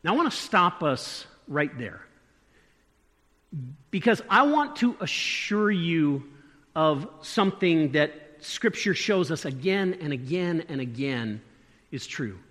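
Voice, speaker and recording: A man preaching to his congregation with slow, deliberate pacing. His earnest voice sits high and swings widely in pitch as he stresses single words and sometimes repeats himself. The sound rings with the long reverb of a church hall. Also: big pitch swings, a bit bright. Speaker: pastor. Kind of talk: sermon. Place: church sanctuary.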